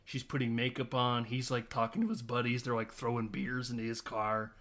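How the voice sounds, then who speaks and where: A man's voice: mid-range voice, a little fast. Male podcast host, casual film recap, keeps slipping into voices for the characters. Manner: animated, acts out character lines in mimicking voices; laughs often, lots of "like" and "uh".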